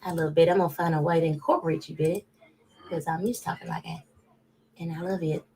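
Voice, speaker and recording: A woman hosting a casual livestream, rambling and chatting directly to her viewers, swinging between loud bursts and muttered asides. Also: sits low, steady tone, quick pace. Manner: rambling, chatty, talks straight to chat viewers. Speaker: livestream host.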